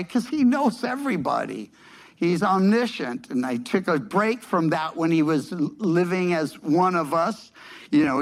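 A man's voice: high voice, poor audio. A man preaching a sermon, explaining scripture in a conversational way, often restarting phrases and leaning on emphatic repetition. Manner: conversational, with frequent restarts and filler words. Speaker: pastor.

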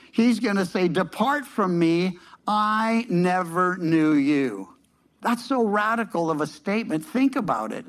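A pastor with a high-pitched voice preaches a sermon on a low-quality recording. He explains scripture conversationally, often restarting phrases, using filler words, and leaning on emphatic repetition.

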